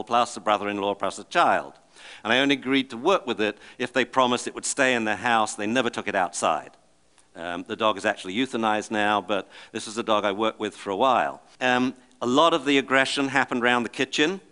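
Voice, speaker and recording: A middle-aged man giving a talk to an audience, telling lively stories and acting out the voices in them. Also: medium pitch, fast, clean tone. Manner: animated, acts out the voices of the people and dogs in his stories. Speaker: speaker giving a public talk.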